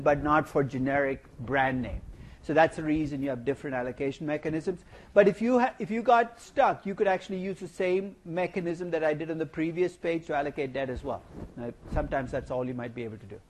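Animated man lecturing on finance. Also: fairly high pitch. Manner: animated, playful storytelling with rhetorical questions. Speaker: finance professor. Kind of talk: university lecture. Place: lecture hall.

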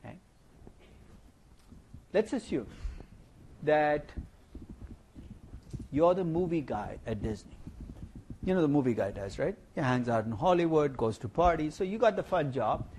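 A middle-aged man giving a university finance lecture, animated and playful, asking the class rhetorical questions. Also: a little high, a little slow, long pauses, slight background noise. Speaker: finance professor. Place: lecture hall.

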